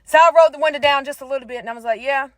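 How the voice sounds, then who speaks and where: A middle-aged woman telling a faith story in a sassy, animated way, talking straight to her listeners. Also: high-pitched, rapid-fire, no echo. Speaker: faith vlogger. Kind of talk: casual testimony storytelling.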